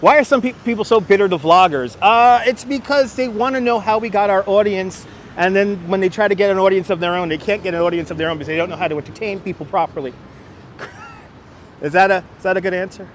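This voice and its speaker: A fast-talking middle-aged New Yorker with a high-sitting voice and a light New York accent livestreams while walking city streets. Wearing a wireless clip-on mic, he chats with viewers and answers their comments over faint outdoor street noise.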